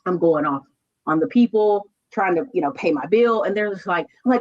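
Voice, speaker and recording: A woman chatting casually on a stream, telling stories with quick asides. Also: fairly low pitch, highs cut off. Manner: animated storytelling, quick asides. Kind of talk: casual chat.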